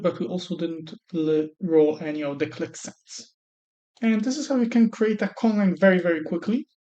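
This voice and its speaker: A man's voice: high voice, a little mellow. Man thinking aloud over dice rolls. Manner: thinks aloud while rolling dice, counts numbers under his breath. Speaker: tutorial creator. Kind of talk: screen-recorded tutorial narration. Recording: slightly dull lo-fi sound.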